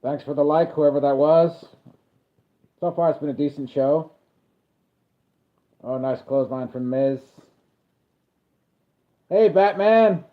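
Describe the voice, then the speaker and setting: A man of ordinary pitch chats loosely through a livestream, reacting to a wrestling event as it happens. He rambles between thoughts and jumps in with excited shouts when a move lands. His voice comes through thin and tinny, like audio over a phone line. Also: unhurried, long pauses. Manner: rambling and chatty, with sudden excited calls of the action. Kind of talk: casual live reaction commentary.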